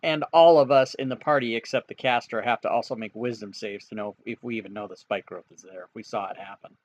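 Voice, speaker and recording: A man's voice: mid-range voice, fairly even intonation, fast. A man playing in a tabletop game, joking and talking over the others. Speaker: player. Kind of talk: casual tabletop play. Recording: dull lo-fi mic with faint hiss.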